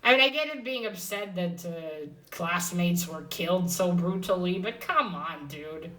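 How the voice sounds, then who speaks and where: A woman with a fairly low voice walks through a comic book issue in a loose, chatty way. She hesitates a lot, fills gaps with "uh" and restarts her sentences. She sits a little away from the microphone. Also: expressive, measured pace, fairly bright tone, distant mic, low-quality recording. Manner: rambling, hesitant with many fillers and restarts. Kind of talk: casual comic recap.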